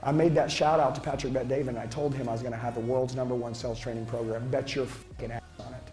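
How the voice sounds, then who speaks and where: A man's voice: mid-range voice, steady tone, quick pace, darkish tone, faint music behind. A middle-aged man giving a profane, intense motivational seminar speech as a sales trainer, lecturing a live audience on a handheld mic.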